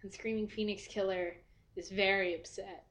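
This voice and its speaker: A woman's voice: medium pitch, normal speed. Chatty woman co-host. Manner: chatty, animated, fillers. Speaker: podcast co-host. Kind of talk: casual recap chat.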